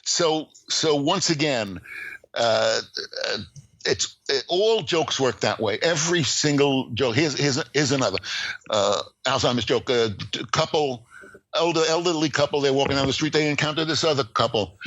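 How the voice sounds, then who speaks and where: An older man, a screenwriting teacher and podcast guest, telling stories in a lively way with plenty of fillers and restarts. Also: mid-range voice, moderate pace, no room sound, lo-fi sound. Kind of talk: casual interview, storytelling.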